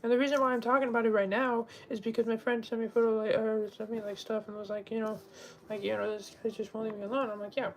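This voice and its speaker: Man livestreaming, gravelly voice, rambling, upset, faint background hiss. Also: high-pitched, flat delivery, fast, poor audio. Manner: rambling, many fillers and restarts; upset, pleading. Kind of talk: casual livestream rant.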